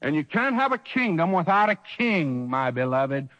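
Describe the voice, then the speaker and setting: A man preaching a sermon with emphasis, rhetorical questions and dramatic pauses. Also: on the high side, sing-song, fairly bright tone, in a large hall, muffled recording.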